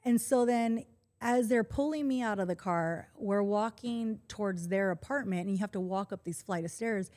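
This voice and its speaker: A woman in her forties speaks in a middle-range voice as a podcast guest. She tells a personal story in casual conversation, calm and earnest, and keeps an even tone. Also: medium pitch, moderate pace. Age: 40s.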